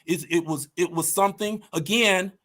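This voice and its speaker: Passionate man telling stories, fairly high voice. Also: normal speed, a bit bright. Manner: passionate, emphatic storyteller. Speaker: podcast guest, martial arts team leader. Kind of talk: conversational storytelling.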